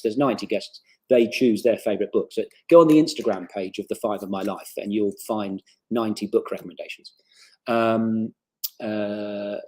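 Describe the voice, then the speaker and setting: A man's voice: on the low side, warm tone, breathy edge. A man, chatting casually and rambling through viewer questions with many fillers and restarts. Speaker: guest author answering viewer questions. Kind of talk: casual live chat.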